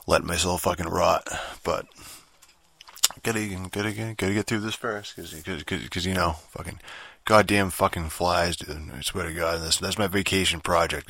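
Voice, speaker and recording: A man's voice: low-pitched, bright, forceful tone, no echo. A man hosting a solo podcast, rambling in a profane, casual rant full of restarts and fillers. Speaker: podcast host.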